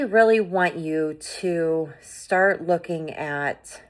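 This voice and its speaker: A middle-aged woman hosting a podcast, talking in an earnest, conversational way with lots of fillers as she gently encourages listeners. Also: sits low, a little slow. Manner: earnest, conversational, many fillers like "you know" and "like". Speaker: podcast host.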